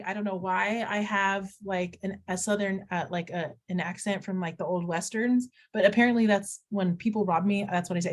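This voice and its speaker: A woman's voice: medium pitch, steady tone, normal speed, hardly any pauses. Middle-aged woman, math teacher; chatty walkthrough with playful asides. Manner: chatty, talks students through steps, playful asides. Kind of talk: recorded math lesson walkthrough.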